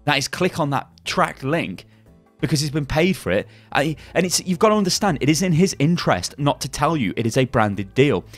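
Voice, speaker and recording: A man's voice: fairly high pitch, sing-song, fairly quick, soft background music. Swearing man ranting angrily. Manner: ranting, heavy swearing, frequent restarts. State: angry. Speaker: YouTube gaming channel host. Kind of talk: angry commentary video.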